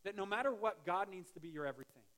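A man's voice: high voice, animated, rapid-fire, a bit bright. A male pastor giving a conversational sermon, with joking asides and restarts. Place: church sanctuary.

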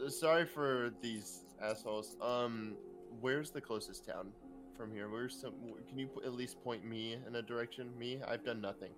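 A man playing a tabletop game who talks in an animated way, laughing and swearing a lot. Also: mid-range voice, moderate pace, over music. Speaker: player. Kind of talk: casual tabletop play.

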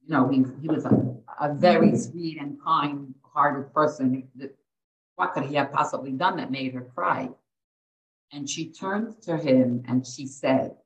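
A middle-aged woman and dating coach, telling heartfelt stories in a podcast interview and sprinkling in Yiddish and Hebrew terms. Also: low-pitched. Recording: echoey, distant, dull lo-fi audio.

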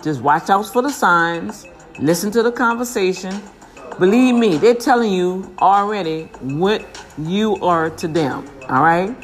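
Lively preachy woman with background music. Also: mid-range voice, a little slow. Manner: lively, preachy, slangy, blessing listeners. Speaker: podcast host giving shout-outs. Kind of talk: casual motivational talk. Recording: music playing behind.

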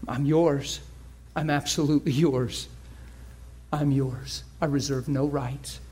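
A man's voice: mid-range voice, fairly even intonation, slow, darkish tone, breathy edge. A male preacher delivering an emotional sermon, moving between playful banter, laughter and earnest prayer.

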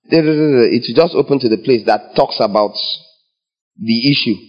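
A man's voice: medium pitch, a little slow. A man preaching a sermon, acting out scenes with different voices. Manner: dramatic, acts out scenes with voices. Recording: dull lo-fi sound.

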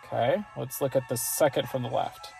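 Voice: mid-range voice, moderate pace, gravelly, dark tone, soft background music. A let's play gamer giving casual, rambling commentary on their gameplay and often correcting themselves. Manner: rambling, self-correcting, chatty.

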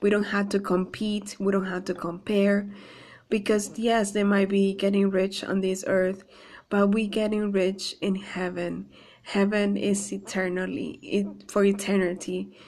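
A woman reading a psalm aloud and then explaining it in an earnest, halting devotional talk full of fillers and restarts. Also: medium pitch, level tone, a little mellow. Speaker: Bible devotional speaker.

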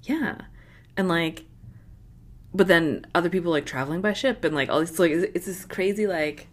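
A woman's voice: fairly low pitch, moderate pace. A woman co-hosting a book podcast, chatting casually with many filler words. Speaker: podcast co-host.

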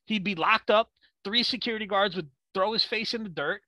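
A man co-hosting a sports podcast, ranting in a heated, profane way with rapid rhetorical questions. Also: high voice, bright, forceful tone, no room sound. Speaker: podcast co-host.

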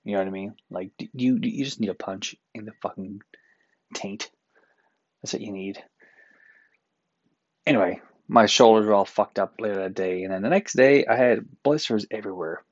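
Speaking at normal speed with long pauses, a fairly low-voiced Newfoundland man rants on his solo podcast, exasperated and profane. He records in an apartment room, and the audio is dry and dull.

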